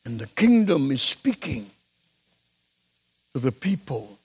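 A male preacher delivering a sermon, slow and emphatic, repeating phrases for stress. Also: medium pitch, big pitch swings, breathy edge.

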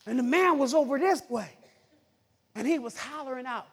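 A man preaching a sermon who shouts, cries out and then drops to a hush, heard in a church hall. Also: very high-pitched, animated, moderate pace, slightly rough. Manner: shouting, cries out, swings from loud to hushed. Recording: long hall reverb.

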